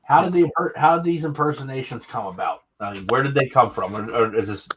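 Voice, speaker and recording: A man's voice: mid-range voice, fairly quick, noisy background. A man hosting a casual interview, chiming in with short agreements and curious questions. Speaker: host.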